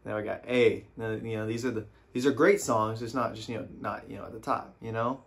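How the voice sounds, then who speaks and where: A young man hosting a casual album reaction, rambling and relaxed with many "you know"s. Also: on the low side, a little fast. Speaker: music reaction host. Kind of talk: casual album review chat.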